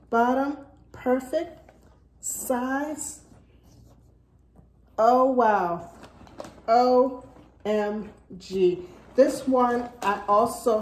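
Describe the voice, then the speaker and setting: Woman vlogger, slow unhurried delivery, gushes and gasps over each item, roomy home sound. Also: mid-range voice, a little mellow, a little hiss or hum. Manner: gushing, gasping, breathless exclamations. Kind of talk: excited unboxing vlog. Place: at home, indoors.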